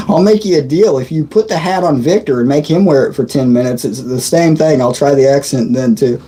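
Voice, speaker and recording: A man's voice: on the high side, moderate pace, dark tone, a little hiss or hum, rough recording. A man, hosting a casual live stream, joking and laughing as he answers chat comments. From Indiana, USA. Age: 30s. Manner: chatty and joking, laughs often, stumbles and restarts.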